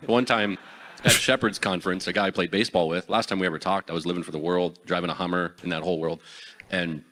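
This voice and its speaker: A man telling a personal anecdote, animated, acting out others' lines. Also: sits low, fast talker. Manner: animated, acts out dialogue in voices. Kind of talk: anecdotal storytelling.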